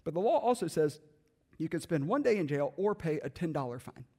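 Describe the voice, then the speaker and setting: A preacher speaking as a kindly, firm mayor-judge. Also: male voice, fairly high pitch, very animated, fairly quick, dark tone, big-room sound. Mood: gentle.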